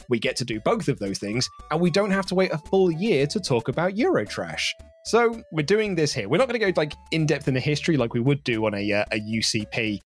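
A man co-hosting a podcast, chatting casually and rambling with playful asides. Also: medium pitch. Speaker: podcast co-host.

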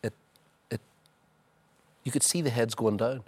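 A middle-aged man, a former footballer telling lively anecdotes as a guest, full of "you know". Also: mid-range voice, a little slow, breathy edge. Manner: chatty, leans on "you know", acts out scenes. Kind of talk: animated anecdotal storytelling.

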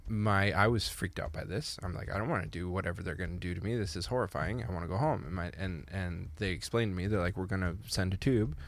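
A man's voice: deep voice, fast, hardly any pauses. A man co-hosting a podcast, telling a profane childhood story casually and acting out the people in it. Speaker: podcast co-host.

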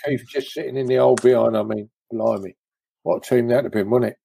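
An older former footballer, reminiscing in an enthusiastic, exclamatory way. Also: male voice, medium pitch, steady tone, fairly quick, gravelly, mellow, slight background noise. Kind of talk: casual reminiscing chat.

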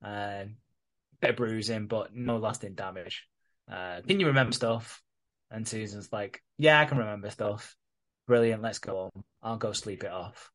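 A man's voice: fairly low pitch, moderate pace, a bit bright. A man casually retelling a soap plot on a podcast, sweary and jokey, quoting the characters as he goes. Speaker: podcast co-host recapping a soap. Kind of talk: casual storytelling chat.

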